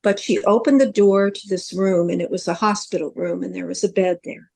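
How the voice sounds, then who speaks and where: A woman's voice: medium pitch, steady tone, a little fast, gravelly, darkish tone. A middle-aged woman with an ordinary, mid-range voice, telling a personal story in a casual podcast chat. She speaks earnestly and recounts events step by step, often quoting what was said. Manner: earnest, recounts a vivid dream with lots of quoted dialogue. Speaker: psychic medium and podcast co-host.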